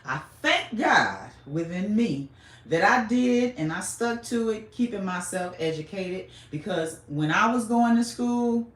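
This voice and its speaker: A woman's voice: medium pitch, animated, measured pace. Emphatic woman ranting in a roomy echo. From United States. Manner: emphatic, repeats phrases for emphasis. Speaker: podcast host. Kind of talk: impassioned monologue.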